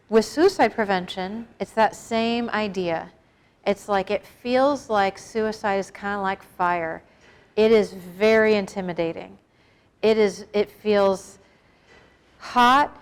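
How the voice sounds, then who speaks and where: A middle-aged woman giving a talk to a live group, speaking at an ordinary mid pitch. She is plain-spoken and informal, and she draws the listeners in with direct questions. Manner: conversational, asks the audience questions. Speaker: guest speaker on suicide prevention.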